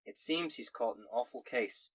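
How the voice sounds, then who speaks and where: Guy doing a vain scottish dwarf, husky, hammy. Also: medium pitch, animated, normal speed, fairly bright tone, no room sound. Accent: Scottish (put on). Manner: hammy, jokey letter reading. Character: boastful vain male dwarf letter-writer.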